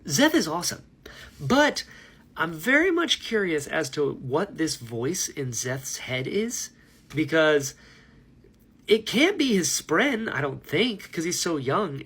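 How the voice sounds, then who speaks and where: A man's voice: a little high, very animated, unhurried, fairly bright tone, breathy edge. A man talking casually to camera about a book he is reading, rambling and enthusiastic, laughing at himself. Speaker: book vlogger. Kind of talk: casual book reaction vlog.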